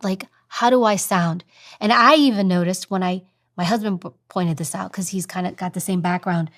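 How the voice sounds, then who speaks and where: A woman guest in an interview, a former agent now on TV news, talking emphatically and acting out voices as examples. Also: medium pitch. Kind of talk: interview advice talk.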